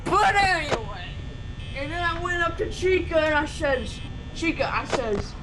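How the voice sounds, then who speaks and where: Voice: high voice, lively intonation, a little slow, noisy background. A storyteller rambling through an absurd comedic tale in a strained, put-on silly voice, full of fillers and restarts.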